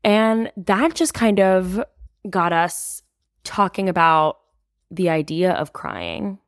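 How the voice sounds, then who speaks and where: With a fairly low pitch and big swings in intonation, this young podcast host talks slowly and openly about how she feels on her solo show. Her manner is confiding, full of casual fillers like "like" and the odd swear word, captured dry in a clean studio.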